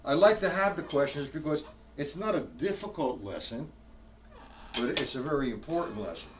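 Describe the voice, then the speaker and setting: Here a man with a higher voice and lively intonation teaches drums on a live stream at a moderate pace. He counts strokes aloud and explains technique in a rambling manner, restarting often. A distant mic in the drum room catches loud hits and a slight hiss or hum.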